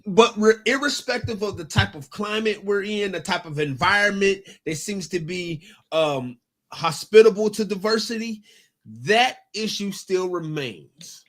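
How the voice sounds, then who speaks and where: Co-hosting a laid-back sports talk show, this man speaks in a high, animated voice. He halts often, stopping and restarting his sentences as he works toward his point.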